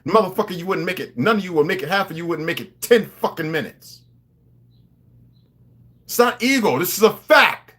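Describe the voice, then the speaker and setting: A man's voice: high-pitched, expressive, normal speed, pauses often, fairly bright tone. A man delivering a profane, confrontational monologue, lecturing his viewers.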